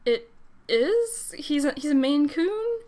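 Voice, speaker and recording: A woman's voice: high-pitched, sing-song, slow, dark tone, pitched above the performer's own voice, full character voice. A woman doing a flustered, stammering young man. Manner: stammering, hesitant. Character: awkward, flustered young man, nervous and shy. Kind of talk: fanfiction read aloud on a livestream.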